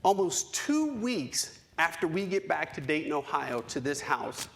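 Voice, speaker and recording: A man in his forties giving a keynote speech, telling a personal story with dramatic pauses and emphasis. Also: a little high, very animated, vocal fry, a bit bright, a little hiss or hum. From United States. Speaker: keynote speaker. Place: conference hall stage.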